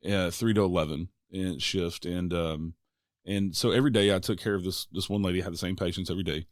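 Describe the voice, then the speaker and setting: Deep-voiced man in relaxed podcast chat. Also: dry recording, studio quality. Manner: relaxed, chatty, with many "like"s and "uh"s. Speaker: podcast host. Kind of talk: casual podcast conversation.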